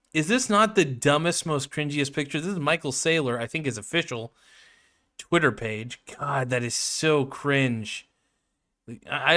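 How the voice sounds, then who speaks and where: This video creator's mid-range voice sounds pushed and bright. He rambles casually through his commentary in a sarcastic, mocking way, with plenty of restarts, swearing and joking asides.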